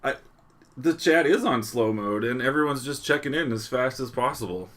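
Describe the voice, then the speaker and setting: A man's voice: mid-range voice, lively intonation, moderate pace, a bit bright. A man hosting a live news stream, chatting casually and reading out where viewers are watching from. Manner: chuckles often, loose restarts. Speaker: livestream host.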